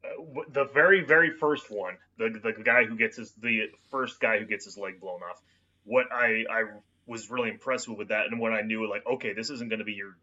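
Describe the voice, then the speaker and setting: A man co-hosting a casual podcast discussion, excitable, acting out quotes in loud bursts. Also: lowish voice, brisk, highs cut off. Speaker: podcast co-host.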